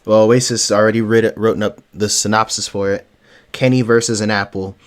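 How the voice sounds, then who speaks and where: A man with a fairly low voice hosts a casual podcast. He reads out questions and answers briefly in a dry, matter-of-fact way. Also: steady tone, brisk, clean tone. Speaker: podcast host.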